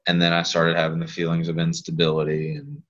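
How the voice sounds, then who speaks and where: A man's voice: low voice, animated, fast, fairly bright tone, muffled recording. A man in his thirties from Louisiana, a physical therapist guest telling rambling stories in casual podcast chat. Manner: rambling, laid-back storyteller.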